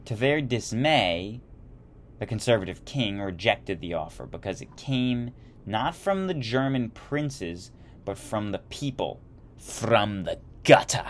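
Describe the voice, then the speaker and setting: Low-voiced man reading history aloud. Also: lively intonation, a little slow. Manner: stumbling reads with self-corrections and chatty asides. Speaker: history teacher.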